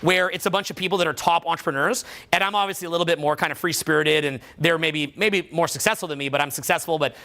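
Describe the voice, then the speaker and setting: A male vocal coach leads a live workshop for a room of students. His voice sits high for a man and comes across bright and forceful. He keeps his delivery animated and breaks into loud demonstration voices as he explains. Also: quick pace, few pauses.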